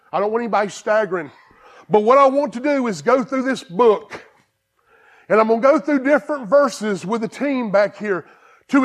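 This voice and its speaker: A man preaching a sermon as pastor, excited and emphatic, repeating and restarting phrases. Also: very high voice.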